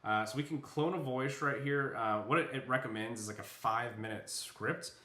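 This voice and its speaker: Chatty man with a bright, echoey voice. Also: medium pitch, normal speed. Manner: loose and chatty, many fillers, thinks aloud. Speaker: software demo presenter. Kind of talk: casual screen-share product walkthrough. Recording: echoey room.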